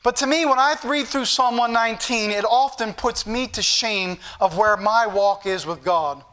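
A man preaching an evening sermon in a high, bright, forceful voice. He teaches earnestly and repeats key words for emphasis. He slows right down and lifts his voice when he reads verses aloud. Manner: slows down and rises in pitch when reading scripture aloud; earnest, repetitive teaching delivery.

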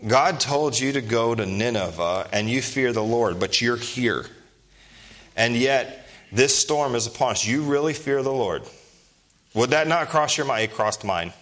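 Delivering a sermon, a man in his thirties uses a medium-pitched, slightly bright voice with lively intonation, speaking a little slowly. The pastor hammers home his points and asks the congregation rhetorical questions.

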